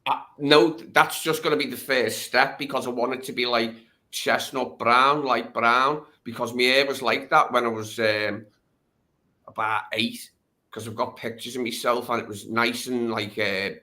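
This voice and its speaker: A man's voice: mid-range voice, steady tone, moderate pace, bright, forceful tone. A man with a Scouse accent, chatting casually and joking at his own expense, with fillers. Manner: chatty, self-mocking, with fillers. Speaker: guest. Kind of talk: casual chat.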